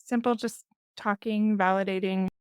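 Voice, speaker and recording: Thoughtful woman podcast host, smooth voice. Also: mid-range voice, fairly even intonation, no room sound, studio quality. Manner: thoughtful, measured, reflective. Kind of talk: reflective conversation.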